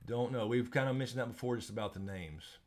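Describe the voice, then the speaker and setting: A man's voice: mid-range voice, fast. Man, young adult, live stream host, casual rambling chat, laughs a lot.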